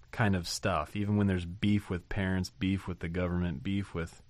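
A man's voice: sits low, flat delivery, normal speed, few pauses, dry recording. A man preaching a sermon, emphatic and full of rhetorical questions, with sudden rising bursts. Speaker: pastor.

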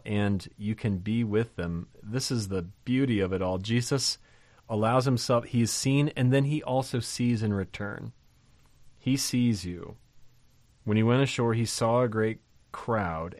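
A man's voice: lowish voice, dry recording. A man teaching from the Bible in a conversational way, reading verses aloud and asking the listeners rhetorical questions with enthusiasm. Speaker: pastor.

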